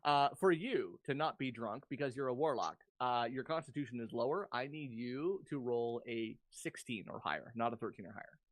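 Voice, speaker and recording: A man's voice: mid-range voice, expressive, moderate pace, few pauses, no echo. A man running a tabletop game, explaining the rules casually with frequent ums. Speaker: game master.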